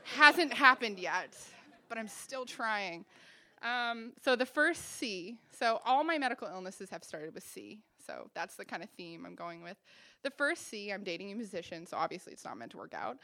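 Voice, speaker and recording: A woman's voice: mid-range voice, animated, moderate pace, sharp tone, dry recording. A woman in her twenties telling a funny personal story on stage, acting out the dialogue with self-deprecating humor.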